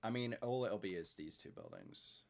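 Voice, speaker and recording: A man's voice: low voice, huge pitch swings, moderate pace, vocal fry, background noise. A man chatting casually and rambling to himself while he builds in a game, thinking aloud to viewers.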